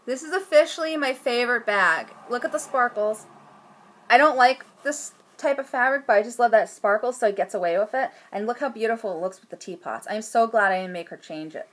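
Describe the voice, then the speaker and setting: A woman in her thirties hosting a knitting podcast, chatting casually and gushing with enthusiasm, sometimes dropping into hushed asides. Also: fairly high pitch, lively intonation, a little fast. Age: 30s. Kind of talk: casual chat.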